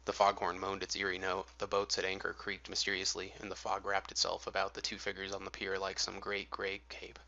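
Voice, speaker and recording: A man narrating an audiobook in measured, atmospheric storytelling on dull lo-fi audio. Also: low voice, monotone, creaky, sharp tone.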